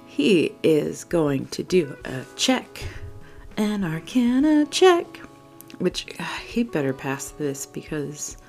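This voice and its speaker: A woman hosting a solo tabletop game podcast, narrating in a relaxed, rambling way. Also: deep voice, slow, vocal fry, few pauses, faint music behind.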